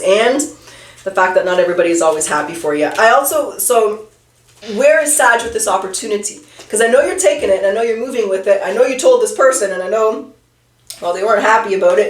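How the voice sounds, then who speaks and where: A tarot reader gives a casual reading, speaking straight to the viewer in a mid-range voice. She often trails off and restarts her sentences, and the recording sounds roomy.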